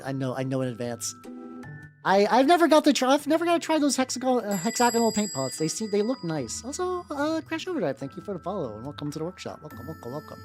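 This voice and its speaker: A woman's voice: medium pitch, wildly swooping pitch, fast, a little mellow. A woman chatting casually on a live stream while painting miniatures, rambling with lots of fillers and casual swearing. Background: faint background music.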